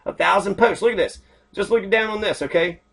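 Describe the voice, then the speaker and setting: A man's voice: high-pitched, brisk, creaky, a bit bright. A man hosting an online show, delivering an angry, profane political rant full of swearing. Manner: angry, heavy swearing, ranting. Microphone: computer mic while scrolling screen.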